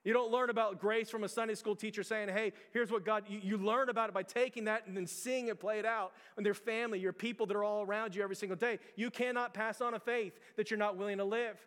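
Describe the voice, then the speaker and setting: A man's voice: high-pitched, fairly even intonation, fast talker, hardly any pauses, a bit bright, clean tone, long reverb tail. A man preaching a sermon as pastor, earnest and driving, stacking one rhetorical question on another.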